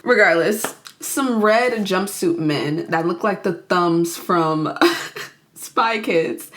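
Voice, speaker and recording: A woman's voice: mid-range voice, a bit bright. A young adult woman casually retelling a movie plot for her channel. She is chatty and giggly, says "like" a lot and acts out the characters. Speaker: YouTuber reviewing a film. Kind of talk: casual film recap.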